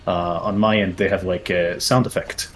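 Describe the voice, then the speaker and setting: A man's voice: deep voice, little pitch movement, moderate pace. Man in a fake Russian accent. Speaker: streamer and host. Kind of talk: casual gaming livestream chat.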